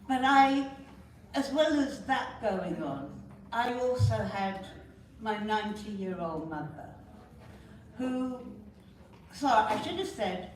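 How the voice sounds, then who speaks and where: A woman's voice: on the high side, lively intonation, slow pace, long pauses, slight background noise. A woman with a North London accent giving an earnest personal talk at a conference, often breaking off with apologetic asides. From North London, England. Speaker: conference speaker. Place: conference hall. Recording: very echoey hall, distant mic.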